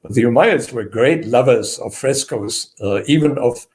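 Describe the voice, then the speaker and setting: An older man, a historian as the guest of an interview, explaining in a measured way with many filler pauses. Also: medium pitch, a little mellow. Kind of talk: unscripted interview.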